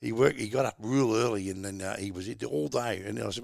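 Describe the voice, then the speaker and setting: A man's voice: medium pitch, brisk, creaky, no echo, clean studio sound. A middle-aged Australian man hosting a podcast, chatting in a laid-back, rambling way and calling his co-host mate. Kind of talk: casual chat.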